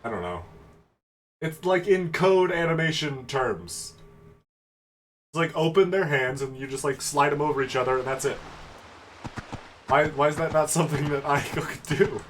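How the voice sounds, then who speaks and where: A man's voice: fairly high pitch, normal speed, long pauses, fairly bright tone, slight background noise. A man streaming a video game, joking and exasperated as he plays along with a friend. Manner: playful, exasperated, jokey in-character asides. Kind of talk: casual gameplay chat. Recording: voice set back from mic. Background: game music.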